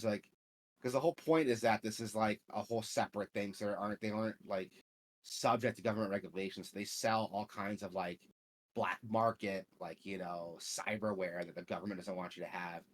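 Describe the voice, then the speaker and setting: A man's voice: lowish voice, fairly even intonation, a little fast. A man hosting a gaming podcast, chatting casually in a profane, rambling way full of filler words. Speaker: podcast host.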